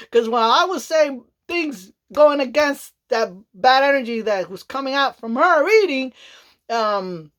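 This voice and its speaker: A woman's voice: sits high, animated, normal speed, fairly bright tone. A woman vlogging in a loose, rambling chat, often checking in with the listener and breaking into laughs. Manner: rambling, chatty, repeats "you know what I mean", laughs often. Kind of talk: casual rambling monologue.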